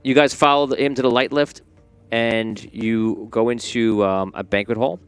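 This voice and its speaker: A man narrating as game master of a tabletop role-playing game, rambling and relaxed with many fillers. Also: mid-range voice, moderate pace, clean tone, no echo, soft background music.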